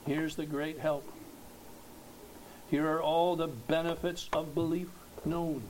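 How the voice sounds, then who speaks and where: A man preaching a sermon, slow and emphatic, rising to loud exhortation at its peaks. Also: on the high side, level tone, a little hiss or hum, poor audio.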